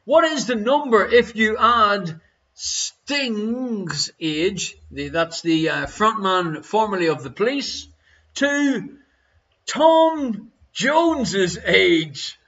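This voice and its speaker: A man's voice: sits high, takes it slowly, sharp tone, lo-fi sound. A man hosting a streamed quiz, joking and chuckling between questions. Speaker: quiz host. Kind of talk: live-streamed quiz chat.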